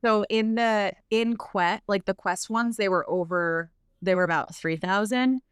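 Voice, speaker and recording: A young adult woman telling a personal story as a podcast guest, in a quick, animated way full of filler words. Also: mid-range voice, smooth, dry recording, studio quality. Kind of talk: casual storytelling.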